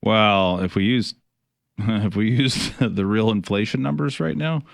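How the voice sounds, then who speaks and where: Low-ish middle-aged guy hosting a money radio show, rambly with lots of ums, dry close studio sound. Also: a little slow, vocal fry, no room sound. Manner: rambling, many fillers and restarts, wry sarcasm. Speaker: financial advisor and radio show host. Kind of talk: casual radio chat.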